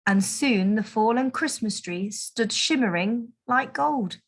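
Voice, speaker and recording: Unhurried woman reading a children's story. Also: a little high. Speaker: primary school teacher. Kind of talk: reading a picture book aloud to children.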